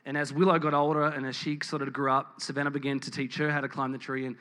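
A man's voice: mid-range voice, flat delivery, fast talker, sharp tone. A man preaching a sermon in church, candid and storytelling, with frequent ums and restarts. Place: church building with congregation.

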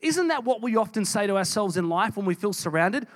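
Male pastor, high-pitched, emphatic sermon delivery. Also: expressive, brisk, few pauses. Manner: emphatic preaching, reading scripture aloud with dramatic voices.

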